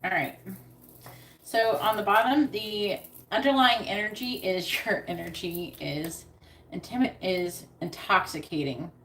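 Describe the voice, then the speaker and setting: A woman's voice: mid-range voice, a bit bright. A woman doing a live-streamed psychic reading, repeating her questions again and again and breaking off for casual asides. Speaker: psychic reader. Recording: echoey room with background noise.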